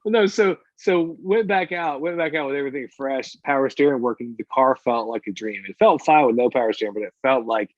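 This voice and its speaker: A man on a podcast telling a casual story, animated and quick to act out what other people said. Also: medium pitch, no echo. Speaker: podcast co-host. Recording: dull lo-fi podcast audio.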